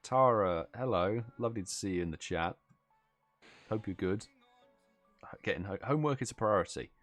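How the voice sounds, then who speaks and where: A man's voice: lowish voice, animated, moderate pace, dry recording, faint music behind. A tired British man hosting a casual live stream, chatting with viewers and reading out their messages. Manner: chatty, reads out chat messages, yawns and laughs. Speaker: livestream host.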